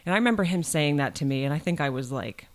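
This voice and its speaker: A woman's voice: deep voice, animated, fast. A middle-aged woman from New York State speaks as a college provost in a campus podcast interview. She tells her story with energy and acts out the voices of the people she quotes.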